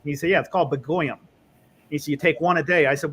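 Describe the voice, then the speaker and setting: Animated male respiratory therapist with a slightly high voice who acts out dialogue in his stories, faint noise behind. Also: fast talker. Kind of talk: casual conversation.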